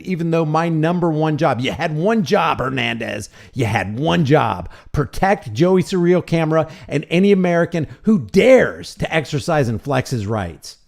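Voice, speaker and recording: A man's voice: a little high, vocal fry. A man hosting a commentary channel, reacting to a video with indignant, sarcastic remarks and rhetorical questions.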